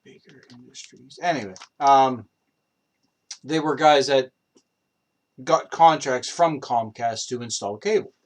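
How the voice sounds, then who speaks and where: A man's voice: medium pitch, unhurried, long pauses. A young man telling a rambling personal story, with many fillers, restarts and swearing. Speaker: improv storyteller. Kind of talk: casual rambling anecdote.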